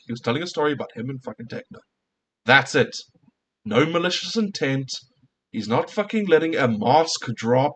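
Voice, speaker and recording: A man's voice: on the high side, fairly bright tone, a little hiss or hum. A male streamer in a casual reaction rant, heated and profane, firing off rhetorical questions at his viewers.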